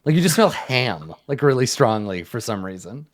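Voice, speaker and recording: A man's voice: medium pitch, sing-song, normal speed. A man narrating as game master of a tabletop game, rambling with many restarts.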